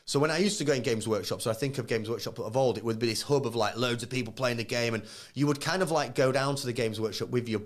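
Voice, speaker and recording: Talking fast with barely any pauses, this podcast co-host in his thirties has a mid-range voice. On the live show, he keeps things casual and performs the voices of people he quotes in his stories.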